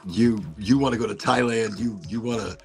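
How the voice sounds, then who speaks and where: A man's voice: fairly low pitch, fairly even intonation, normal speed, gravelly, darkish tone, soft background music. A male host running a casual livestream chat show, rambling playfully and swearing freely.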